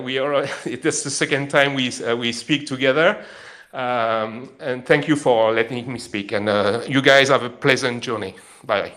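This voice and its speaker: A man with a French accent speaks up in an online voice chat. He is emotional and halting, full of pauses and restarts as he reaches for the words. His voice sits at an ordinary middle pitch. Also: fairly bright tone. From France. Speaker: caller. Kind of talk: live audio chat.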